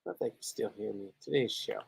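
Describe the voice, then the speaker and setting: A man's voice: fairly low pitch, quick pace, creaky, husky. A loose, rambling man talks straight to his viewers on a livestream, a little tipsy after a few beers. He swears freely and boasts between stray asides in a casual, unscripted way. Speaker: livestreaming spearfisherman.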